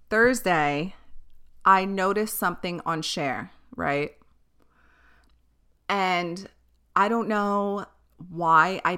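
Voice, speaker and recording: A woman's voice: on the low side, pushed and bright. A young woman hosting a podcast, talking casually and candidly, swearing freely and drifting off on tangents. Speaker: podcast host. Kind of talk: casual chat.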